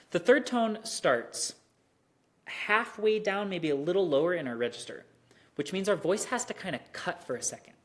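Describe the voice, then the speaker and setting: A teacher giving an online lesson on Mandarin tones, who speaks slowly and carefully and exaggerates the tones to demonstrate them. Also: mid-range voice.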